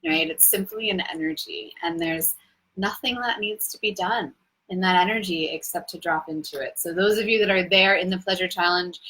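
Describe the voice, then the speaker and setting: A woman's voice: medium pitch, bright, forceful tone, poor audio. A young adult woman hosting a live Q&A as a coach, talking in an effusive, spiritual way and laughing easily. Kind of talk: casual live-stream talk.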